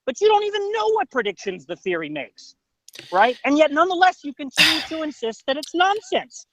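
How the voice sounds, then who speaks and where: Insistent man with a lively, swooping voice. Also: very high-pitched, brisk, no room sound, poor audio. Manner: insistent, interrogating, repeats "right?". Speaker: debater defending a theory. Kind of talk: heated online debate.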